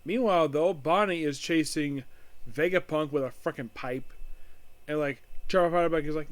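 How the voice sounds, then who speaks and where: A man's voice: fairly high pitch, moderate pace, no room sound. A man casually recapping an anime episode as a reviewer, rambling with frequent restarts and fillers.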